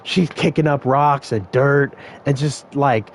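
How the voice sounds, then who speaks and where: A man's voice: mid-range voice, moderate pace, few pauses. A young man casually telling a story from work, rambling, swearing and laughing often.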